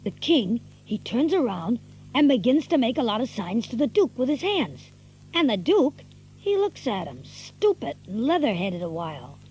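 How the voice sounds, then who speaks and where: A woman's voice: a little high, big pitch swings, moderate pace, darkish tone, slight background noise, poor audio. A woman voicing a scrappy teenage country boy with a rural Southern US dialect, narrating and acting in a radio play. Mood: wry. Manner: folksy, drawling storyteller.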